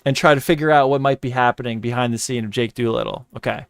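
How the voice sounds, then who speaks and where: A man's voice: medium pitch, fairly even intonation, quick pace, clear, resonant tone. A man talks through a live commentary stream as he edits, muttering to himself and repeating words under his breath. He swears often out of frustration. The sound is dry and close, with no room echo. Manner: frustrated muttering and cursing while editing.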